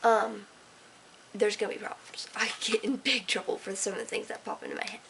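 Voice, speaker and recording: A woman's voice: medium pitch, steady tone, a little fast, creaky, a bit bright, a little hiss or hum, low-quality recording. A teenage girl vlogging casually in her room at night, rambling and sarcastic, dropping into whispers and then bursting with energy. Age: teens. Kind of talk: casual late-night talk to camera. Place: own room at night, lit by a desk lamp.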